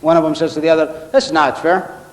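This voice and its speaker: A man's voice: a little high, flat delivery, a little fast. A man tells comic stories to a live audience, switching into the voices of his characters. He speaks through a stage microphone, and his voice carries a long reverb from a big hall. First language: Arabic. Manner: storytelling, acting out quoted characters. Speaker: contest speaker. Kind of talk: humorous public speech.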